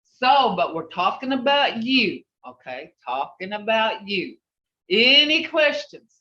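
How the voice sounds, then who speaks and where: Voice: medium pitch, big pitch swings, slow pace, pushed and bright, recorded from a distance. A language teacher leading an online class, patiently repeating phrases to model their tone. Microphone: video call. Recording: roomy, dull video-call audio.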